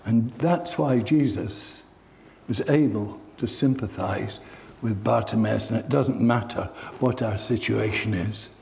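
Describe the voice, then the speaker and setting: A man's voice: on the low side, a little slow, vocal fry, darkish tone, slight background noise. A man preaching a sermon, telling stories in an earnest, heartfelt way.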